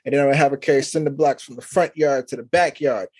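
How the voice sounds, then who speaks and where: A man hosting a casual podcast, an animated storyteller who acts out the voices of people he quotes. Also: medium pitch, quick pace, husky. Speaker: podcast host and father.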